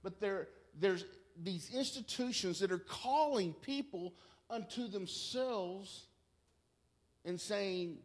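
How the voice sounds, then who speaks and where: Man, preacher, slow unhurried delivery, slightly high voice, soft to urgent swings. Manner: tells a story, quoting both sides of a talk. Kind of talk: sermon storytelling.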